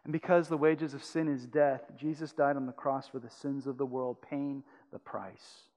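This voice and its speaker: A man preaching a sermon as pastor, swinging from loud urgent pleading to hushed, intimate tones. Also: medium pitch, level tone, moderate pace, in a large hall. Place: church sanctuary.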